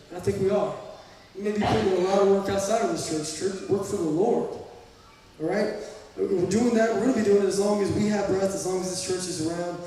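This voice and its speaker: A man in his thirties with a Southern US accent, preaching a sermon as pastor, telling animated, self-deprecating stories. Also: high-pitched, very echoey, in a large hall, far from the mic, rough recording. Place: church sanctuary.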